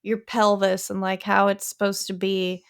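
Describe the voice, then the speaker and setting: A smooth, medium-pitched voice with vocal fry and flat delivery at normal speed belongs to a woman co-hosting a podcast. The talk is casual and rambling, full of fillers and restarts.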